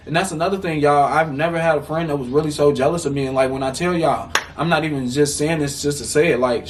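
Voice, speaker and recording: A young man in his twenties with a somewhat high voice talks straight to camera in a storytime vlog, blunt and heavily profane. He sounds a bit off from the mic, and a faint hiss of room noise sits under his voice. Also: far from the mic. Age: 20s. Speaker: vlogger. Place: room at home.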